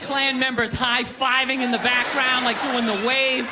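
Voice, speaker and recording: A man doing a sarcastic stand-up routine, ranting and shouting his punchlines to a club audience. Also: very high-pitched, flat delivery, normal speed. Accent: Boston. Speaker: stand-up comedian. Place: comedy club stage with live audience. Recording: live club recording with crowd laughter and noise.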